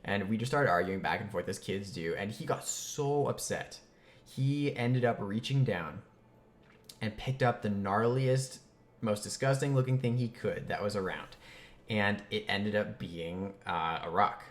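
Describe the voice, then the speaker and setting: A man casually telling a comic childhood story, chatty and animated, with lots of fillers and bursts of mock outrage. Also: fairly low pitch, normal speed.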